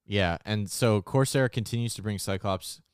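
Male co-host, low easygoing voice, dry close mic. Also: normal speed, clear, resonant tone, dry recording. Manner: easygoing, retelling scenes. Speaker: podcast co-host. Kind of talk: casual chat.

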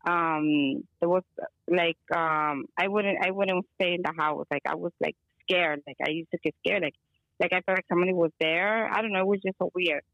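A woman's voice: lowish voice, no room sound. A woman guest telling a long story over a call, rambling and mixing in Spanish words. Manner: rambling, mixes in Spanish words, many fillers. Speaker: guest healer. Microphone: phone or video call. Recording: dull lo-fi call audio.

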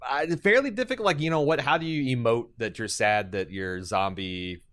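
A man's voice: mid-range voice, normal speed, a bit bright. A young man co-hosting a podcast, chatting casually and rambling with jokes. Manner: rambling, joking, drifts into goofy put-on voices. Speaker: podcast co-host. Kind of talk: casual chat.

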